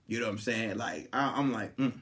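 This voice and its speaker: A young man, a comedian hosting a podcast, telling a comic story and acting out the people in it, swinging from loud outbursts to hushed asides. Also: fairly low pitch, a little fast. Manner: animated, swings from loud to hushed, acts out quotes.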